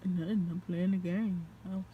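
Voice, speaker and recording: A woman voicing her boyfriend as a curt, dismissive man, a bit lower than her own voice. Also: fairly even intonation, normal speed, narrow, tinny audio, a little hiss or hum, lightly acted.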